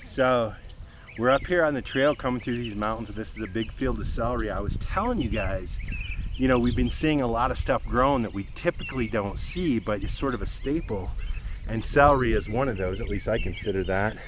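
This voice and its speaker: A man's voice: mid-range voice, brisk, noisy background. Easygoing man vlogging on a mountain trail. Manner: easygoing, chatty, enthusiastic about the sights. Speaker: travel vlog host. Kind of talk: casual walking narration to camera.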